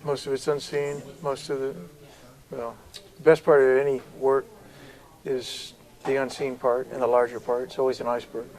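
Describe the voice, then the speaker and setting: Brief: middle-aged male actor, interview guest, expressive storyteller, average pitch. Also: moderate pace, rough recording. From South Carolina. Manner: animated storyteller, varied delivery. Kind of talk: interview conversation.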